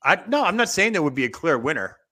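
A man with a bright, forceful voice hosts a loose wrestling talk show. He rambles, laughs easily and trails off with fillers while he thinks aloud. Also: fairly high pitch, big pitch swings, fast. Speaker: podcast host. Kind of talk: casual wrestling chat.

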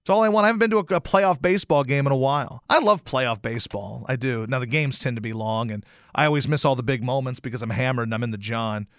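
A man's voice: mid-range voice, fast, dry recording, clean studio sound. A man hosting a podcast, ranting in a casual, profane, sarcastic way and telling stories. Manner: animated, profane, sarcastic storytelling. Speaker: podcast host. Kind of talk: casual rant.

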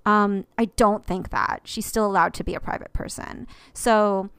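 A woman's voice: mid-range voice, fairly even intonation, moderate pace, vocal fry, fairly bright tone, clean tone, no echo. A woman in her thirties co-hosting a podcast, talking earnestly and at length with many restarts. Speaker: podcast co-host. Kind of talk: casual podcast chat.

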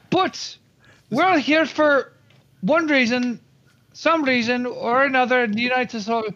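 A man playing a tabletop game, giving loud, boisterous in-character toasts with a dull, muffled sound. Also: extremely high pitch, a little slow. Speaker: player.

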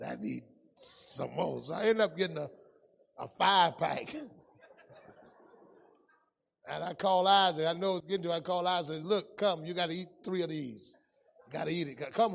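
High-voiced pastor preaching in a reverberant hall. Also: male voice, vocal fry. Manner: conversational preaching, swings between loud and hushed. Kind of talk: sermon.

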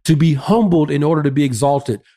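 A man's voice: on the high side, fairly quick, warm tone. Emphatic preaching man, rising tone. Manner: emphatic, quoting scripture references; rhetorical questions, repetitive cadence. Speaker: pastor guest. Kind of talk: preaching on a radio show.

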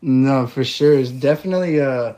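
A man guesting on a podcast, telling his story in a relaxed way with lots of fillers. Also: mid-range voice, moderate pace. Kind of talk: casual interview chat.

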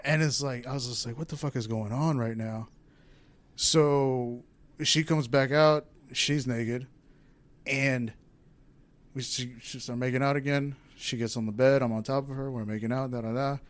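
A man's voice: mid-range voice, fairly even intonation, normal speed. A young man casually telling a rambling, candid personal story in a podcast chat, acting out what people said.

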